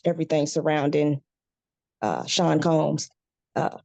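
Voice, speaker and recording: A woman's voice: low voice, measured pace, gravelly, a little mellow, no room sound. A woman speaking on a casual podcast panel, hesitant and restarting her sentences. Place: video call from home.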